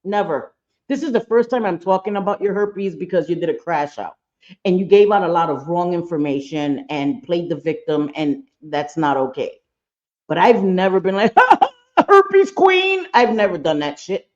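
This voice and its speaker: A woman's voice: on the low side, moderate pace, darkish tone, lo-fi sound. A woman hosting a live reaction stream, talking bluntly and profanely and getting fired up.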